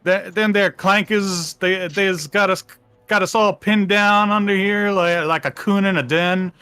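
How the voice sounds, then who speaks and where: A man's voice: a little high, monotone, extremely slow, pushed and bright, clean tone, no echo, exaggerated voice. A man voicing a long-winded Southern militia major with a folksy drawl, calling for rescue over a radio. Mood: pleading. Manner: folksy drawl with rambling filler words.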